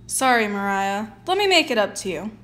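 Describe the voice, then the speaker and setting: A woman's voice: mid-range voice, sing-song, a little fast, fairly bright tone. A young woman acting as a mother who soothes and apologizes to her lost daughter in an amateur school skit. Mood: apologetic. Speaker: student actor.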